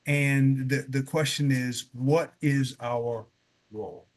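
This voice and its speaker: A man's voice: mid-range voice, level tone, slow pace. A man co-hosting a casual political discussion, stammering and repeating words before he gets going. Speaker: podcast co-host.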